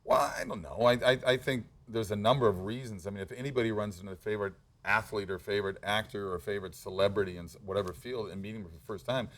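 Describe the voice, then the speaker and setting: A man's voice: on the low side, fast talker, few pauses. A middle-aged man, an actor, telling anecdotes casually in an interview, often restarting and repeating words. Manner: relaxed anecdotes, frequent repeats and stammered restarts. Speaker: actor guest.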